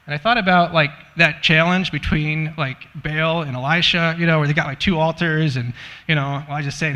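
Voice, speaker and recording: A man with a fairly high, bright, forceful voice gives a relaxed, chatty Bible teaching. He jokes and fills his talk with "like" and "you know". The sound rings with a long echo, as in a hall. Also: brisk. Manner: chatty and joking, many "like" and "you know" fillers. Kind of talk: casual sermon.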